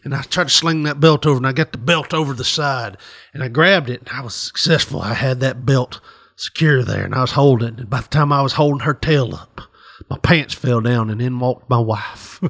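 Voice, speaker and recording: A man voicing a weary, ornery old farmer who tells his tale in a low, quiet, drawn-out way. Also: vocal fry. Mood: rueful.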